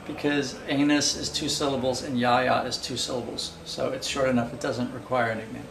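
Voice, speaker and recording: A man's voice: medium pitch, flat delivery, a little fast, vocal fry, reverberant, music in the background, low-quality recording. A man casually explaining how to bottle-feed a baby squirrel, rambling with fillers and restarts. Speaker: pet squirrel caretaker.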